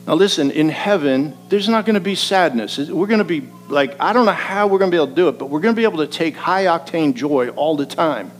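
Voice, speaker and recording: A man preaching a sermon. He moves between quiet, slow reflection and rising, emphatic passages. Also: fairly high pitch, rough recording. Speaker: pastor.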